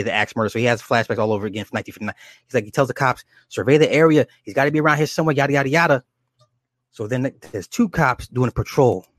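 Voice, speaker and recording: Profane, animated man retelling a movie. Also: mid-range voice, dry recording, clean studio sound. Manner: animated and profane, with many restarts and acted quotes. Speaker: storyteller recounting a horror movie. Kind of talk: casual rambling plot retelling.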